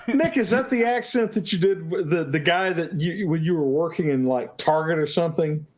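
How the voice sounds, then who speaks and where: A man's voice: on the high side, moderate pace. A man co-hosting a livestream chat, talking bluntly and teasing the others. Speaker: lawyer and co-host. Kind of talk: casual chat.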